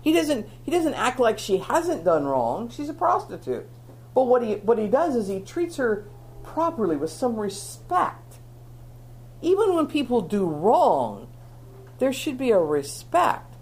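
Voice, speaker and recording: A woman's voice: on the high side, big pitch swings, a little slow, a little mellow. A woman teaching a Bible lesson in an earnest, conversational sermon style, often restarting her phrases.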